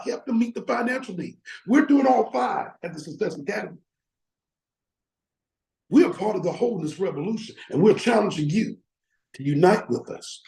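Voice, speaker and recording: A man's voice: high voice, gravelly, darkish tone, poor audio. A man preaching fervently to his academy's members over a video call, with frequent exclamations. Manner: fervent, exclaims and laughs often. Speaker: academy leader addressing members. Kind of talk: motivational preaching.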